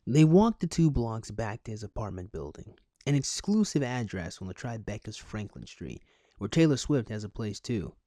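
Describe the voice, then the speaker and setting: Sarcastic man with a dark voice. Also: fairly low pitch, moderate pace, dry recording. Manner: sarcastic, deadpan asides between read passages. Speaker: commentary YouTuber. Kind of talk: reading a news article aloud with comic commentary.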